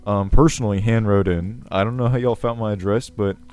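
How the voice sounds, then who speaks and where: A man's voice: on the low side, steady tone, fairly quick, a little mellow, natural voice. A man playing a pompous goblin king. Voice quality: crackly voice. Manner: pompous, rambling, self-assured. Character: self-important ancient male goblin king. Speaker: video host. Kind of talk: character comedy Q&A.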